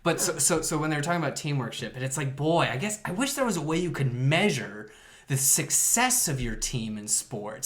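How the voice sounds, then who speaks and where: A Chicago-area man co-hosts a casual podcast chat, ranting sarcastically and laughing a lot. He talks fairly fast and animatedly, with a fairly high pitch.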